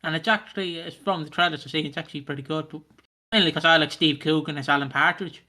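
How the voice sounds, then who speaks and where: A man's voice: a little high, steady tone, quick pace, bright, forceful tone. A man hosting a casual podcast chat, jokey and rambling, swearing now and then. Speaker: podcast host.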